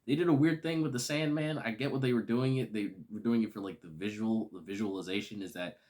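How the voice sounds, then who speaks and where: Excitable young-sounding man gushing casually. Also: lowish voice, fast talker. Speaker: film reviewer. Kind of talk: casual video review.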